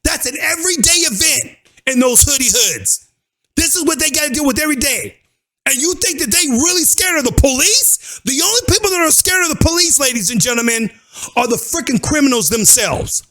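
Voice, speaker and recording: Commentator, male, gravelly and high, preachy slang-heavy rant. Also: lively intonation, fairly quick, pushed and bright. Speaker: YouTube commentator. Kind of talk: ranting commentary.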